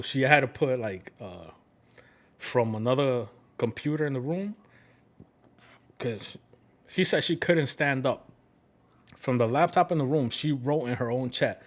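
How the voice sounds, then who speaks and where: Speaking at a measured pace with frequent pauses, this mid-range male voice belongs to a New Yorker chatting with his live-stream viewers. He's profane, addresses his chat directly, and slips Spanish phrases into his talk.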